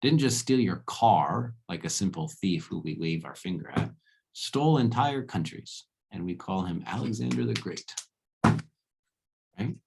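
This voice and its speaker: A man's voice: sits low, animated, unhurried, gravelly, darkish tone, slight background noise. A man giving a casual philosophy lecture, talking conversationally and checking in with rhetorical questions.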